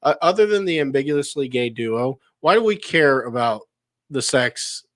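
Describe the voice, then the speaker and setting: A man's voice: medium pitch, lively intonation, moderate pace, fairly bright tone, no echo. Rambling, chuckling podcast host man. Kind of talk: casual chat.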